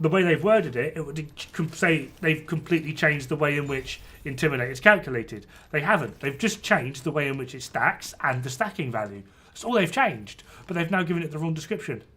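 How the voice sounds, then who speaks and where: A man gives casual gameplay commentary to his stream chat. His voice sits a little high and comes out bright and forceful as he rants about game balance. He swears freely and sounds thoroughly exasperated.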